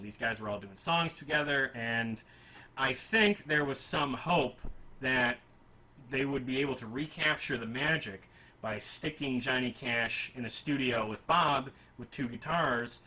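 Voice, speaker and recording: A man's voice: medium pitch, bright, forceful tone, poor audio. A man hosting a casual music podcast, talking in a rambling, enthusiastic and self-deprecating way. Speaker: podcast host.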